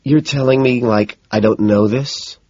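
A man voicing a bored young woman who talks flatly and sarcastically. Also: mid-range voice, measured pace, no room sound, highs cut off, pitched above the performer's own voice, close to an everyday voice. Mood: sarcastic. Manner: flat, dry and sarcastic. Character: flat, bored young woman, sharp-tongued.

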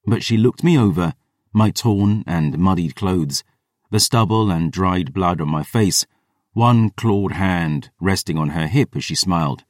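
A man narrating a dark fantasy audiobook in the first person, in a brooding, wry manner. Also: low-pitched, a little slow, no echo, clean studio sound.

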